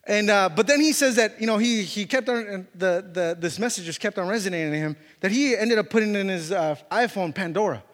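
A man preaching a sermon and telling a story, animated and full of fillers and restarts. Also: high-pitched, fairly quick, few pauses, long reverb tail. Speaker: pastor.

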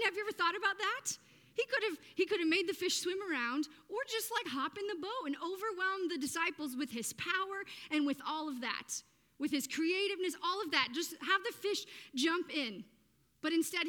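A woman delivers a sermon in a high, bright voice. She keeps it lively and chatty, throwing questions out to her listeners. A long reverb trails her words through a large hall. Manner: lively and conversational, asks the audience questions. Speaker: preacher.

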